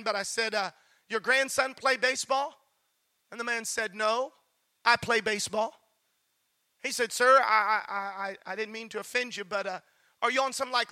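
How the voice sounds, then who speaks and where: A male preacher with a very high, sharply bright voice tells a story from the pulpit. He acts out the dialogue of the people in it with fervent energy. The sound is dry and close. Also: no echo. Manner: impassioned, acts out quoted dialogue. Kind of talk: storytelling sermon.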